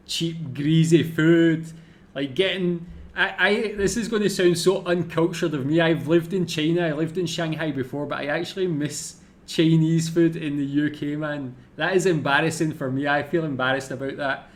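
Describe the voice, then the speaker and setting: A man's voice: on the high side, steady tone, normal speed. A Scottish man hosting a casual reaction video, chatty and self-deprecating, often tacking "man" onto his sentences. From Scotland.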